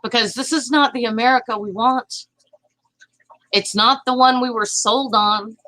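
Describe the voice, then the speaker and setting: An adult woman speaks in a bright, slightly sharp voice, recorded dry and close. She delivers indignant political commentary, stumbling and restarting as her feelings push ahead of her words. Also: fairly high pitch, steady tone, a little slow, no echo, low-quality recording. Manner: impassioned, indignant, with frequent restarts. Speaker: vlogger.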